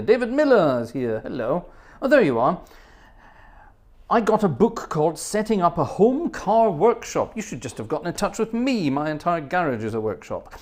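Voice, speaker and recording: A man hosts a live music stream in casual chat, working through the names of viewers and greeting each. His fairly high voice swings widely in pitch, and he fills pauses by humming little tunes. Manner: reads out viewer names, hums filler tunes, chatty. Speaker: livestream host and organist.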